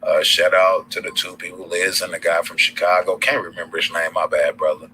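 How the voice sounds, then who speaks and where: A man's voice: deep voice, level tone, a little fast, bright, forceful tone, slight background noise, rough recording. A man with a Southern accent hosting a casual livestream, rambling loosely in slang with lots of fillers and restarts. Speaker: livestream host.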